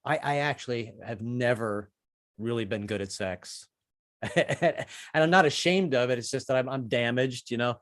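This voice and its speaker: A man's voice: moderate pace, a bit bright. Older man doing chatty stand-up. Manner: chatty, self-deprecating, jumps into high-pitched character voices for quoted people. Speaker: stand-up comedian. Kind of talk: stand-up set. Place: comedy club stage.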